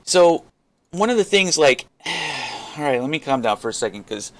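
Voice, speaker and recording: Fairly high-pitched and very animated, this man speaks at a moderate pace in an unscripted crypto rant to camera. Frustration shows as he curses nonstop and keeps rambling and starting over.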